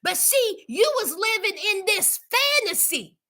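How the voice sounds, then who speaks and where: A woman's voice: very high-pitched, big pitch swings, a little slow, bright, forceful tone. A woman hosting a casual recap vlog, sassy and dramatic, talking back at the people she discusses. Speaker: YouTube recap host. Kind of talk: casual reality TV recap commentary.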